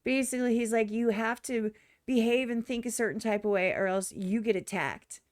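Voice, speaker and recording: A woman's voice: a little high, moderate pace, no room sound, clean studio sound. A woman streamer giving blunt, profane reaction commentary on a music video, often mimicking other people in exaggerated voices.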